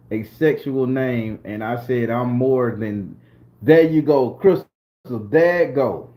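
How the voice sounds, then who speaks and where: A Southern American man talks casually on a live stream, his voice sitting high and leaping up into sharp, excited exclamations. He is profane and animated, with wide swings in his delivery. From southern Florida, USA. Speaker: spiritual channel host.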